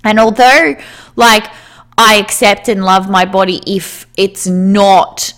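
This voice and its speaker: A woman speaks in a relaxed, candid monologue, her voice sitting at an ordinary mid-range pitch. She rambles in a friendly way, peppering her sentences with "like" and quick laughs. A casual swear slips in here and there without any fuss.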